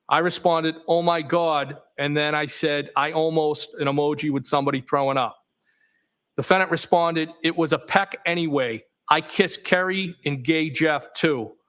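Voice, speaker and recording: A man testifying as a trial witness, reading text messages aloud in a steady, matter-of-fact way, saying the punctuation out loud. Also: a little high, clean tone. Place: courtroom.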